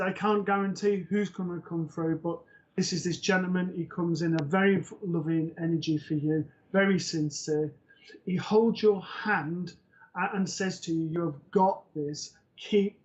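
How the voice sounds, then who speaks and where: Gentle man giving readings. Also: fairly high pitch, fairly even intonation. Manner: gentle, reassuring, unhurried with soft hesitations. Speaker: psychic medium co-host. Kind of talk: live spiritual reading. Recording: dull lo-fi livestream audio.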